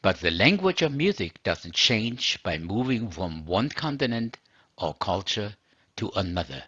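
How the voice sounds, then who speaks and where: A man delivering a scripted sermon in a measured, earnest preaching manner. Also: on the low side, big pitch swings, bright, forceful tone, breathy edge, no room sound, lo-fi sound. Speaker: religious teacher.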